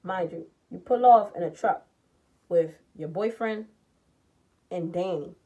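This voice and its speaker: A woman vlogger telling a personal story in a blunt, profane, animated way, jumping from loud outbursts to low muttering. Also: normal speed. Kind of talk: casual storytime vlog.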